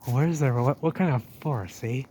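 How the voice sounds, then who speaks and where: A man narrating as he walks through an old drained canal, talking excitedly to the camera. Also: mid-range voice, moderate pace. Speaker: urban explorer vlogger. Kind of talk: handheld walking commentary. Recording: noisy outdoor ambience.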